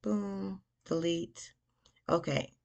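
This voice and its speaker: Excitable young woman teaching chart reading. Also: on the low side, drawn-out words, creaky, lo-fi sound. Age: young adult. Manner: chatty, slangy, bursts of excitement. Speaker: forex trader teaching backtesting. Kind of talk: casual screen-share trading lesson.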